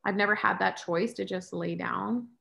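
A woman's voice: mid-range voice, fairly even intonation, moderate pace, vocal fry, fairly bright tone. A woman in her late thirties, a yoga teacher and single mother, chatting casually and telling candid stories, acting out her own thoughts. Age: 30s. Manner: candid, storytelling, acts out her own inner voice. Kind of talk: casual conversation.

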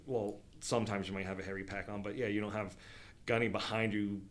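A man's voice: fairly low pitch, little pitch movement, brisk. A middle-aged man chatting casually about outdoor trips, rambling with fillers and restarts. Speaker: outdoor program leader, veteran. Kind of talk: casual podcast chat.

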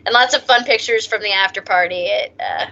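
A woman's voice: medium pitch, a little fast, sharp tone, slight background noise. A woman guest on a podcast, chatting and giggling, with filler words trailing off. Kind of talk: casual podcast chat. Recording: dull lo-fi audio.

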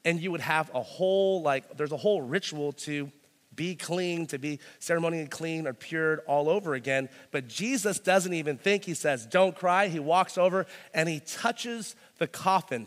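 A man's voice: on the high side, normal speed, a bit bright, big-room sound. A man preaching a sermon as a pastor, talking in a loose conversational way full of "like". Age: young adult to middle-aged, a parent. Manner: conversational, peppered with "like".

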